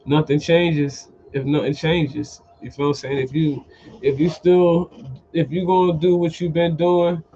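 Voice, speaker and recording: Profane, animated man with a fairly high voice. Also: a little slow, a little hiss or hum. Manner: profane, animated, repeats phrases. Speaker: podcast host. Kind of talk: casual storytelling monologue. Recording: dull lo-fi sound.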